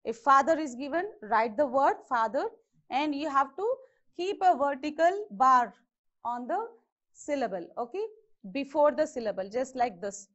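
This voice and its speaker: High-voiced Indian woman teaching grammar. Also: lively intonation, normal speed, a bit bright, highs cut off. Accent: Indian English. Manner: repetitive, checks in with "okay" and "isn't it". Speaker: English teacher. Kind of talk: classroom grammar lesson.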